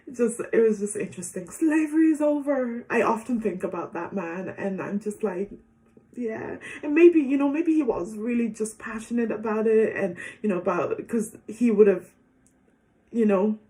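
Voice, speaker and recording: A young woman telling a personal story in a casual, chatty way, with many fillers and soft laughs. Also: fairly low pitch.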